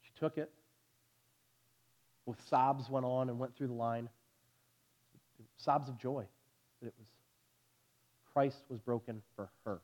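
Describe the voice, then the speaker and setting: A pastor in his forties preaching a sermon in a church, telling stories with animated energy and then dropping to soft, intense delivery. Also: mid-range voice, slow pace, pauses often, muffled recording. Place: church sanctuary.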